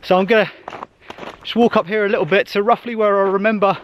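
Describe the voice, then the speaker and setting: A young man with a high voice talks casually to his handheld camera as he hikes a mountain trail by a lake. He thinks aloud and sounds a little out of breath from the climb. Faint outdoor noise sits under his voice. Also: steady tone, quick pace, lo-fi sound. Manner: chatty, thinking aloud while walking. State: slightly out of breath on a hike. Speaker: travel vlogger. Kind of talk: casual travel vlog narration.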